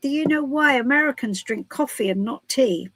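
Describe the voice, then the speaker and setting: A woman's voice: sits high, lively intonation, moderate pace, fairly bright tone, rough recording. A woman from the UK hosting a casual live stream as a tarot reader, chatty and giggly with many restarts. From United Kingdom.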